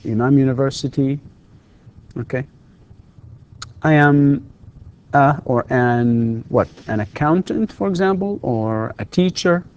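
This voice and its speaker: A man's voice: medium pitch, creaky, a little mellow, muffled recording. A man lecturing university students on English, repeating drill questions and hesitating with many fillers. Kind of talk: recorded classroom lecture.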